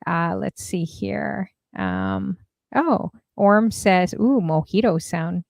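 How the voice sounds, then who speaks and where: On a relaxed livestream, this woman chats away with plenty of fillers and reads out comments from viewers. She speaks slowly in a creaky, mid-range voice, and the studio recording is clean with no room sound.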